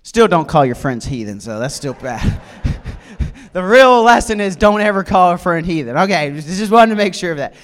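A man's voice: sits high, moderate pace. A man preaching a sermon, telling jokey stories from his own life and acting out the dialogue. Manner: lively, jokey storyteller who acts out dialogue. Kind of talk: humorous storytelling sermon.

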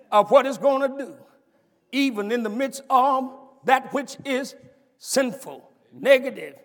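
High-voiced older preacher, booming hall. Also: male voice. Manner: preacher's call-and-response, repeated "am I right about it"; stammers and repeats words, bursts into shouts and laughter. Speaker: pastor. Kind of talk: sermon. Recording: long hall reverb.

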